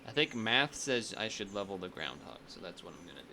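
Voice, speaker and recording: Lively rambling man streaming gameplay. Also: on the low side, brisk, a little hiss or hum. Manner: rambling, thinks aloud, restarts sentences. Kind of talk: casual gameplay commentary.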